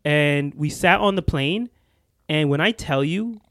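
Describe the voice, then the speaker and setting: A man's voice: a little high, measured pace, fairly bright tone, no room sound, clean studio sound. A young man co-hosting a podcast, telling a story in casual chat with lots of restarts and fillers. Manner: rambling with many restarts and fillers. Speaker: podcast co-host.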